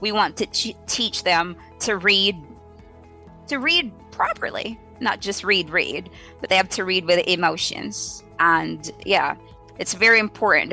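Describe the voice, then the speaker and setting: Slow, bright-voiced woman teacher. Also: lowish voice, faint music behind. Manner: animated, models exaggerated reading voices. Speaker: ESL teacher. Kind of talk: live-streamed teaching tips.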